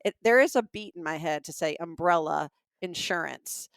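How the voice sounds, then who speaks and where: Woman, fifties, Southern accent, chatty podcast co-host, laughs often, lowish voice, dry close sound. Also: lively intonation, fast talker, clear, resonant tone, no room sound. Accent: Southern American. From American South. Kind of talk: casual chat.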